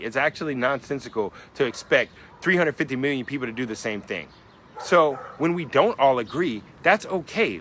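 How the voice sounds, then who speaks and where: A man's voice: mid-range voice, fairly bright tone, a little hiss or hum. A man in his forties, a rapper explaining his lyrics in a reflective monologue, musing and asking many rhetorical questions. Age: 40s.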